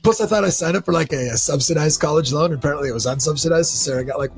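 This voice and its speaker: A man's voice: on the high side, rapid-fire, vocal fry, hardly any pauses, soft background music. A man guest on a podcast, joking and self-deprecating in casual chat.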